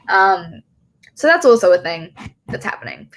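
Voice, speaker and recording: A woman's voice: on the low side, expressive, quick pace. A woman hosting a casual livestream, emotional and choked up, rambling and swearing with bursts of laughter.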